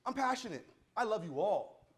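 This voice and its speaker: A fired-up man lectures students in a courtroom, his voice a touch high and swinging widely as he preaches. He stumbles and repeats himself when he gets worked up. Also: moderate pace, slightly rough. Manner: fiery, preachy, stutters when excited. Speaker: judge. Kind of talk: animated courtroom talk to students.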